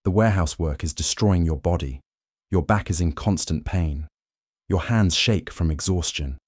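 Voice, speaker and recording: A man narrating a bedtime history story in second person, calm and even. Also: deep voice, normal speed, no echo, clean studio sound.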